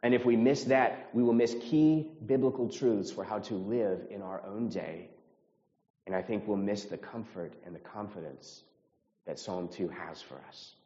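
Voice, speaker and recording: A man's voice: lowish voice, a little slow, warm tone. An earnest male pastor from the United States preaching to his congregation, repeating phrases and lifting his voice when stirred. His voice rings through a church sanctuary with a long reverb tail, and the sound is a little dull. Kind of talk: sermon.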